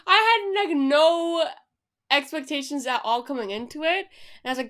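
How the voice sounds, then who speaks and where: A woman co-hosting a podcast in casual chat, blunt and animated, swearing freely. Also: high voice, brisk. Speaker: podcast co-host.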